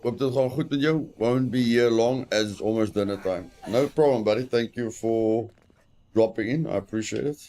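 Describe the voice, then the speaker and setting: A man's voice: mid-range voice, moderate pace, dark tone. A British man giving live gameplay commentary, repeating his phrases to himself and chatting with viewers. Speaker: game streamer.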